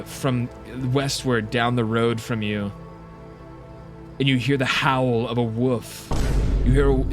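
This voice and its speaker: A man narrating as game master on a live stream, vivid and descriptive, with frequent uhs and restarts. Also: mid-range voice.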